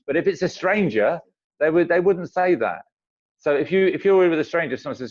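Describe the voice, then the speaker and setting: A man's voice: mid-range voice, animated, brisk, muffled recording. A man, a guest on a video call, chatting casually and acting out little everyday exchanges. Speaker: interview guest. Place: home in Zambia.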